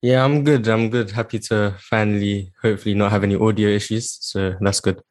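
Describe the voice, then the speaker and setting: A man's voice: lowish voice, fairly even intonation, fairly quick, dry recording. A young British man from the UK, a guest chatting in a laid-back, self-deprecating way over a video call. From United Kingdom. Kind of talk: casual chat.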